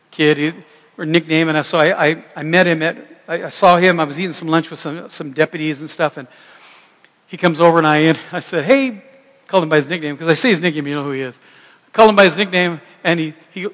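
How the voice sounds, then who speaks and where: A man's voice: on the high side, fairly bright tone, big-room sound. A middle-aged man preaching a sermon as pastor, conversational and joking, with rambling restarts.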